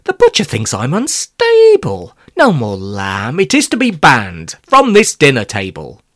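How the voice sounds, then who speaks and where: A man's voice: medium pitch, wildly swooping pitch, measured pace, a bit bright, no echo, clean studio sound, full character voice. A man voicing an exasperated, flustered mother in a storybook reading. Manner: exasperated, wailing.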